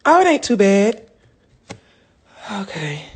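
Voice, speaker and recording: A man on a phone livestream who chats loosely and directly to his viewers. His voice is husky and a little rough around the edges. His pitch swings up and down a lot as he talks. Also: expressive, normal speed, a bit bright. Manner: chatty, talks straight to viewers. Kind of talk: casual livestream chat.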